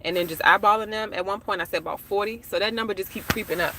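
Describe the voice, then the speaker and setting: A woman's voice: mid-range voice, quick pace, noisy background. A woman from the United States chatting casually to her live-stream viewers from a parked car, talking straight to them with slang and asides.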